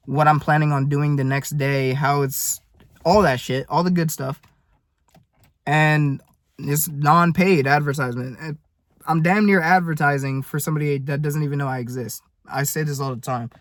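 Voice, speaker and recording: A young man of nineteen talks straight to camera in a rambling, profane video diary rant. His voice sits a little high for a man, and the recording is close and dry, with no room sound. He comes across earnest and blunt. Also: dry recording. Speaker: vlogger.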